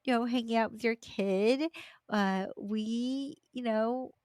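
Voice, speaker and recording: A young woman co-hosts a relaxed podcast, chatting with lively energy and slipping into quoted voices as she tells a story. Her voice sits a little high. The sound is close and dry, with no room around it. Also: slow pace, smooth, no echo. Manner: animated, laughing, acts out quoted voices. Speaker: podcast co-host. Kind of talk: casual chat.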